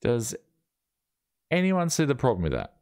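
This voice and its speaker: Animated man streaming a game. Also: mid-range voice, moderate pace, clean tone. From Australia. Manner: jokey, excitable, swears, talks to chat. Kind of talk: live gameplay commentary.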